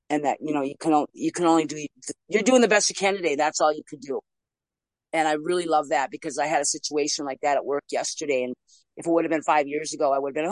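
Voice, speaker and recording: A woman's voice: sits low, no echo, poor audio. A woman from the United States speaking at a recovery meeting over a video call, earnest and supportive, laughing easily. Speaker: meeting member.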